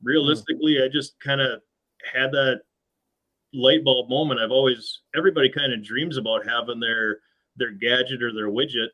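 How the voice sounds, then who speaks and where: A middle-aged American man who owns a machine shop is an interview guest in a casual chat. His mid-range voice holds a steady tone at normal speed, muffled in the recording, and he speaks earnestly but hesitantly, restarting often.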